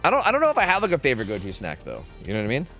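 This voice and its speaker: Rambling young streamer man, lively pitch. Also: rapid-fire, soft background music. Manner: rambling, stumbles and repeats words, answers chat. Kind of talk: casual gaming stream chat.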